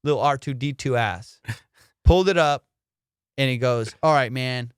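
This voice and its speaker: A male comedian hosting a podcast, telling a road-trip story in an excitable, slangy, profane way. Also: medium pitch, unhurried, clear, resonant tone, no room sound, studio quality. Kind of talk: animated storytelling.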